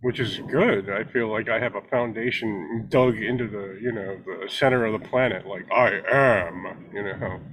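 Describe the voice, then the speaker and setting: A man answering with relaxed, hesitant words as the interviewer takes part in an exercise. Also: on the low side, moderate pace, few pauses, crowd noise, rough recording.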